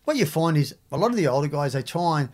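A man's voice: on the high side, very animated, quick pace, a little mellow. A man with an Australian accent, a former prisoner telling stories as a guest in a casual podcast chat, blunt and profane, dropping "mate" into almost every sentence and often restarting his sentences.

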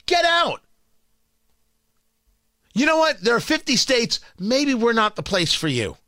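High, lively sarcastic radio host with a New York accent. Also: male voice, measured pace, no echo, clean studio sound. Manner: sarcastic, combative, rambling with repeated words. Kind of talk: talk radio monologue.

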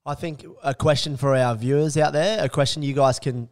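A man's voice: mid-range voice, fairly even intonation, brisk. An Australian man co-hosting a sports podcast, talking casually and rambling with lots of fillers. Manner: rambling, lots of fillers, drops quieter when musing. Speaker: co-host.

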